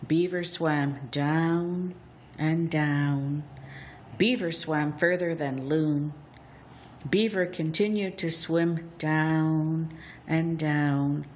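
A woman telling a folk tale aloud, in a deliberate, expressive storytelling manner. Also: lowish voice. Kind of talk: storybook narration.

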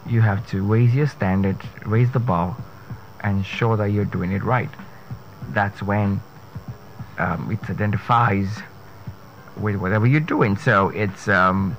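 A man, a speech coach giving an emphatic pronunciation lesson, repeating and spelling out words. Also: on the low side. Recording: dull lo-fi sound with faint noise.

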